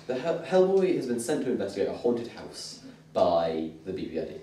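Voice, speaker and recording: A man hosting a casual comic review, retelling scenes in an animated way. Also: fairly low pitch, brisk, a little hiss or hum. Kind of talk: casual chat. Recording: echoey room, mic at a distance.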